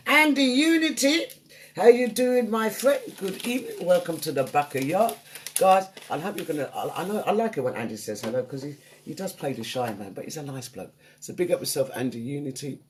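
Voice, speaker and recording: A woman's voice: low-pitched, lively intonation, fairly quick, a little mellow, slight background noise. A woman hosting a live online radio show, chatting upbeat and greeting listeners by name. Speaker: radio DJ and host.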